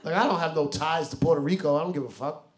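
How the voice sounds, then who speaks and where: A man's voice: on the high side, fast talker. A man from New York bantering and giggling, self-mocking, on a live comedy podcast. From New York, United States. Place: live stage before a crowd. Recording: roomy live venue with crowd noise.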